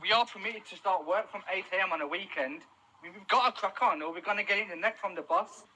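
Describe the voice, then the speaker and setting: A high, fast-talking British builder, brash and bright-edged, brushing off complaints. He sounds clipped and no-nonsense. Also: full character voice, low-quality recording. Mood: brusque. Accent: British, put on. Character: brusque British male builder starting early.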